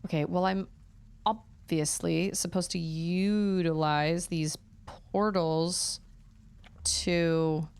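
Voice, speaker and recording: Woman, game streamer, thinking aloud, low voice, a little fry. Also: steady tone, very slow, darkish tone. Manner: thinking aloud, chatty and self-mocking. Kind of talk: casual gameplay chat.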